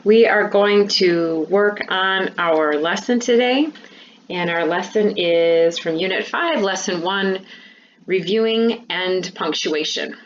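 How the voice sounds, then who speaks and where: A woman teacher giving a remote lesson to fifth and sixth graders, explaining patiently and clearly. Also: mid-range voice, takes it slowly, lo-fi sound, a little hiss or hum.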